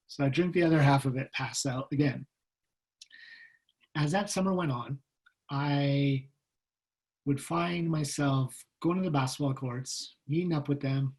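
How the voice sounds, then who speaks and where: A middle-aged man giving a personal storytelling talk over a video call, animated and acting out the voices of people in his story. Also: mid-range voice. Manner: animated, acts out quoted voices. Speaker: guest speaker.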